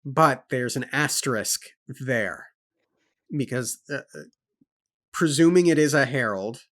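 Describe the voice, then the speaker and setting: Guy on a book club show, mid pitch, talks it through point by point like he's thinking out loud. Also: animated, a little slow. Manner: thoughtful, lists points and questions. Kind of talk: casual book discussion.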